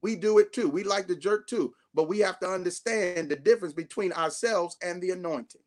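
A bishop preaches with a high voice and a Southern Black way of speaking. He builds phrases up to near shouts, then sinks into soft, slow repeats so his listeners answer him. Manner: call-and-response preaching, rising to shouts then dropping to hushed tones. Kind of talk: sermon.

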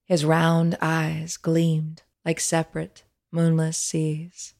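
Woman reading a fantasy story aloud, gentle and measured, low and a bit gravelly. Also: monotone. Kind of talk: scripted story narration.

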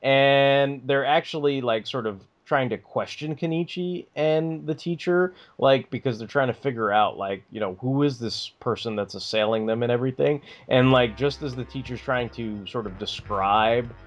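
A man's voice: mid-range voice, normal speed, few pauses, lo-fi sound, soft background music. A man co-hosting a podcast, chatting casually in a rambling way with lots of fillers and swearing. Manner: rambling, filler-heavy, profane. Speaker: podcast co-host. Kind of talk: casual chat.

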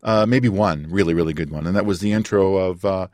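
A man's voice: deep voice, fairly quick, darkish tone, dry recording, studio quality. A man in a casual podcast chat, joking wryly and laughing at his own lines. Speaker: podcast co-host.

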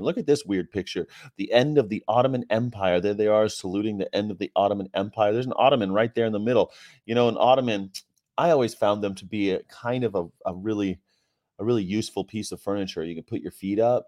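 A man's voice: on the low side, a little mellow. Rambling, profane male livestream host. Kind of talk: casual livestream chat.

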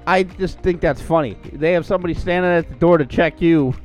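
Foul-mouthed, blunt male podcast co-host in loose banter, soft music in the background. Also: fairly high pitch, a little fast. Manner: blunt, profane and mocking. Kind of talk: casual chat.

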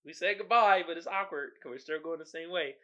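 A man's voice: fairly high pitch, a little fast, bright, forceful tone, lo-fi sound. A man hosting a podcast in casual comedic chat, laid-back and slangy, laughing often and calling his listeners y'all. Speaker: podcast host.

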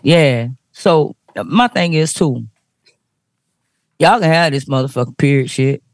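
A woman's voice: low voice, lively intonation, a little slow, no room sound, clean studio sound. A woman from Florida on a podcast panel, speaking bluntly and emphatically with heavy profanity. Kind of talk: heated podcast discussion.

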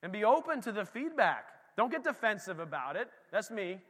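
A pastor preaching a lively, conversational sermon in a church, talking straight to his congregation. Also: high voice, normal speed, long reverb tail.

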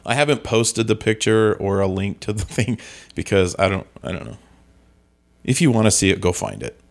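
A man with a low, gravelly voice tells comedy-club stories on a casual podcast. He rambles and corrects himself as he goes. His low pitch and rough, creaky edge carry through his chat. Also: expressive, normal speed. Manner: rambling, self-correcting storyteller.

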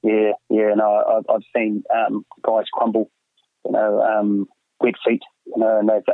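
A man's voice: lowish voice, monotone, moderate pace, dry recording. A middle-aged man, a hunting guide talking casually as a podcast guest, full of fillers and "mate". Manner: rambling, many fillers, says "mate" often. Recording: tinny phone line, dry.

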